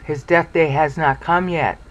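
A Bible study presenter giving an informal screen-share lecture, excitable and thinking aloud, with uneven loudness that sometimes trails off. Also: mid-range voice, measured pace, rough recording.

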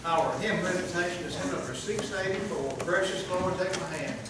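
A high-voiced man preaching an earnest sermon. He is heard from a distance in a very echoey church sanctuary, with faint noise underneath. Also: moderate pace, fairly bright tone. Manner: retells a story with much quoting, earnest. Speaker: pastor.

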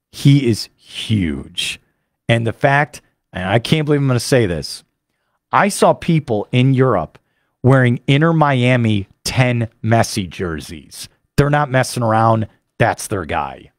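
An American man, a sports radio host, talking fast and eagerly in a studio monologue. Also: mid-range voice, no room sound. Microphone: studio microphone.

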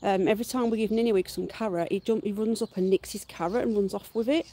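A woman's voice: medium pitch, fast, mellow, slight background noise. A middle-aged British woman chatting casually on a live stream from her back garden, laughing and swearing freely. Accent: British English.

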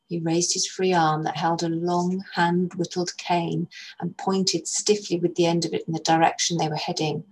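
A woman reads a literary short story aloud, gentle and measured. Her voice sits low and carries a soft husky grain. The narration flows calmly between the characters' lines. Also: poor audio. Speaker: narrator, actress reading a story.

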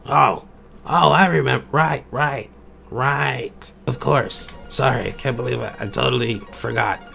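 A man's voice: medium pitch, measured pace, creaky, bright, forceful tone, soft background music, exaggerated voice. A man voicing a forgetful, bumbling wizard who rambles and boasts in a comedy skit. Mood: muddled. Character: forgetful, bumbling old male wizard animal.

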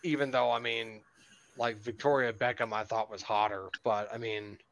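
A man co-hosting a podcast in casual chat, telling stories in an animated way and laughing often. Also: fairly low pitch, moderate pace, gravelly, a crowd in the background. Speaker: podcast co-host.

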